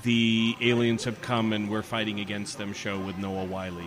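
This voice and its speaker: A man's voice: lowish voice, completely flat delivery, moderate pace, a bit bright. A man on a podcast panel, talking casually and trailing off as he searches for words. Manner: hesitant, rambling.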